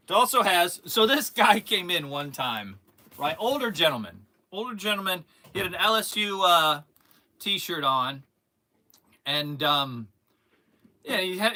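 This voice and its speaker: Brief: animated male stream host, teasing and rambling, very bright, slightly high voice. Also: measured pace. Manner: animated, jumps to sudden loud outbursts. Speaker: host of a live toy-selling stream. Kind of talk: casual live-stream chat.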